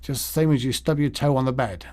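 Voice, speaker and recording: A man's voice: mid-range voice, quick pace, darkish tone. A man teaching meditation in a casual, rambling way, acting out the thoughts in his head. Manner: rambling and conversational, acts out inner thoughts.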